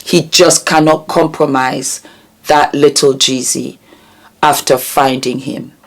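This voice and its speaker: Slow, low-voiced woman sharing earnest reflections. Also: fairly even intonation. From United Kingdom. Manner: earnest, emotional, slow and deliberate with repetitions. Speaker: channel host. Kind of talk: reflective commentary vlog.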